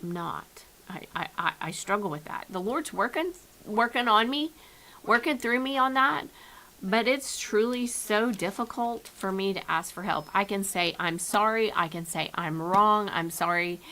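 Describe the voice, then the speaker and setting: A woman's voice: mid-range voice, a little slow, pushed and bright, a little hiss or hum, low-quality recording. A woman giving an informal devotional message from home, speaking earnestly, often repeating and restarting her words. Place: at home, with her dog nearby.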